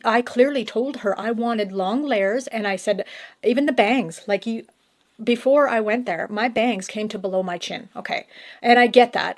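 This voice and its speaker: A woman vlogs to her camera in a casual, heartfelt way, circling back and restarting her thoughts as she talks. Her voice sits at an ordinary middle pitch with plenty of gravelly fry. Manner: emotional, rambling with restarts. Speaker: vlogger.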